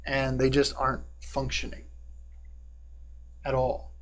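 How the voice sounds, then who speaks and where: Man narrating as game master, soft hum. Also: medium pitch, monotone. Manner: descriptive, measured narration with fillers.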